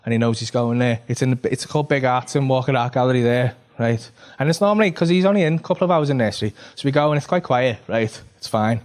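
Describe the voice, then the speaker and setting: A man's voice: medium pitch, fast talker, few pauses. A man doing stand-up, telling a rambling, sweary story and checking in with "right?" every few lines. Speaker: stand-up comedian. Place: comedy club stage.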